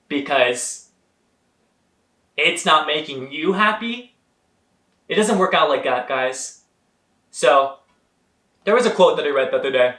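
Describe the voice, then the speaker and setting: Bright-voiced earnest young man vlogging. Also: on the high side, reverberant. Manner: earnest, talks straight to viewers, calls them guys. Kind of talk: motivational vlog monologue.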